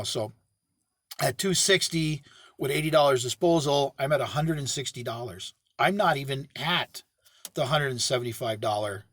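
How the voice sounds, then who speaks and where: A man's voice: medium pitch, a bit bright, breathy edge, no echo. A middle-aged man who owns a septic pumping business, talking casually to camera from inside his parked work truck, rambling and correcting himself as he goes. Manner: rambling, self-correcting, plainspoken.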